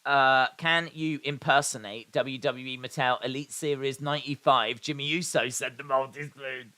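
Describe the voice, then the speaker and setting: During a live wrestling watch-along, this man calls the action and reads out viewer comments with dry, sarcastic humour. He speaks at a moderate pace with medium pitch and fairly even intonation, his tone bright and forceful.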